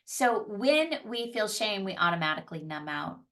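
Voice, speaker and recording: A woman's voice: mid-range voice, sing-song, normal speed, a bit bright, far from the mic. A woman psychologist and yoga teacher giving an earnest, conversational teaching talk, often restarting and repeating her phrases. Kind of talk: teaching talk on emotional healing.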